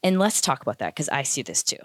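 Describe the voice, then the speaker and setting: A woman with a notably low voice hosts a podcast, chatty and quick to agree as she asks her guest questions. Her voice sits dry and close to the mic. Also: big pitch swings, no room sound. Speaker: podcast host. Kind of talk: podcast interview.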